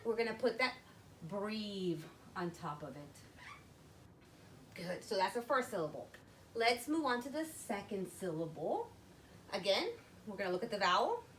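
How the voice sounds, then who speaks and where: A woman teaching young children to read, walking through each step slowly and patiently. Her pitch swings widely as she speaks, and a faint hiss sits under her voice. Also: poor audio. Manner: slow, step-by-step, addressing children. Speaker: literacy teacher. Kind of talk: classroom phonics lesson.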